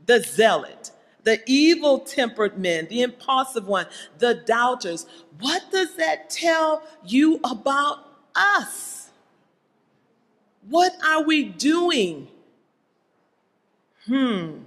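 Slow, questioning church preacher. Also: high voice, very animated, fairly bright tone. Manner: pointed rhetorical questions to the congregation. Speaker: church speaker. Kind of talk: sermon. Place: church sanctuary. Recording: long hall reverb in a church.

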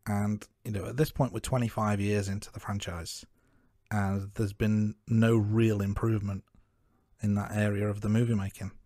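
A man co-hosting a film review podcast, talking through his notes in a measured, casual way. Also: fairly low pitch, level tone, dark tone, dry recording, studio quality. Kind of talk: casual chat.

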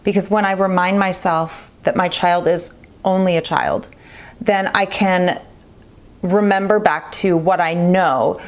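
A woman in her thirties giving earnest parenting advice straight to camera, stressing her points by repeating them. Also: fairly low pitch. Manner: earnest, emphatic, repeats key phrases. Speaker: parenting vlogger. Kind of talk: direct-to-camera advice talk.

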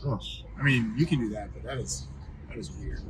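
A man, her partner off camera, bantering in a relaxed, reassuring way. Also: mid-range voice, brisk, a little hiss or hum, low-quality recording. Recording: off-mic with music behind.

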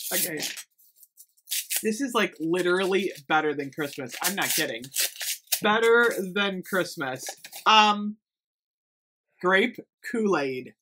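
Gushing, bright-voiced woman. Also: on the low side, slight background noise. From United States. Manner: gushing, gasps often, frequent "oh my gosh". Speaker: beauty haul vlogger. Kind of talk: excited product review chat.

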